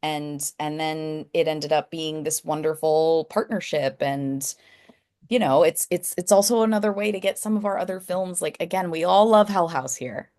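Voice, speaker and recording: A woman guest on a podcast, chatting casually in an effusive, animated way and laughing often. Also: low voice, moderate pace. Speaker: guest, film company marketing executive.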